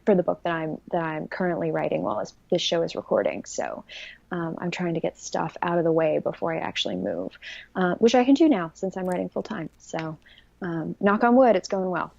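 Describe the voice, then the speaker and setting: A woman in her thirties from California, co-hosting a casual podcast chat in a measured, hesitant way with frequent ums. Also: on the low side, gravelly, darkish tone, dry recording. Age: 30s. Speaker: podcast co-host. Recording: dry, dull lo-fi audio.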